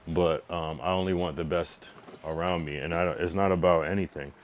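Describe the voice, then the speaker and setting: A deep-voiced young man holds forth on his livestream, swearing freely and circling back over his own words. His talk is loose and rambling, full of restarts. A faint hiss sits under his voice. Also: steady tone, fairly quick. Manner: blunt, profane, rambling with frequent restarts. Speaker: streamer. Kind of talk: casual livestream monologue.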